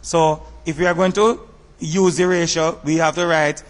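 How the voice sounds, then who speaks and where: A man teaching a math lesson over slides, explaining step by step in a measured way and asking rhetorical questions. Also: on the high side, fairly even intonation, big-room sound.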